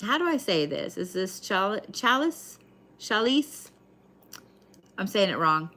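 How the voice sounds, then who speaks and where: A woman's voice: mid-range voice, sing-song, normal speed, bright, forceful tone. A woman giving a live tarot reading in a casual, chatty way, swearing freely. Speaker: tarot card reader.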